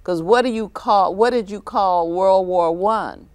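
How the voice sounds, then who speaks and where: A woman hosting a talk show, speaking deliberately as she quotes and clarifies points. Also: medium pitch, no echo, clean studio sound. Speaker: host.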